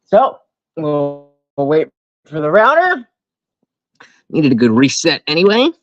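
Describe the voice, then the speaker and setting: A man's voice: on the high side, huge pitch swings, unhurried, lo-fi sound. A young man chatting casually on a live stream at home, rambling and interrupting himself with jokes. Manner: rambling, self-interrupting, jokey. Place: at home indoors. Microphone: desk microphone.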